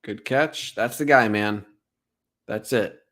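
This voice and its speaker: A young man with a fairly low voice talks through football plays on a casual stream. He gets excited over big hits and packs his talk with "like" and "right?". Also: slow. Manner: excitable, filler-heavy, lots of "like" and "right?". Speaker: sports streamer breaking down game film. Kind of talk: casual live-stream film breakdown.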